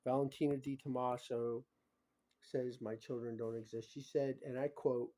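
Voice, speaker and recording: Guy rambling on camera, mellow dark voice, lots of "you know" and "bro", goes from mumbling to loud. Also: medium pitch, fairly even intonation, normal speed. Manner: swings between muttering and loud emphatic outbursts. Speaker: vlogger. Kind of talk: rambling casual monologue.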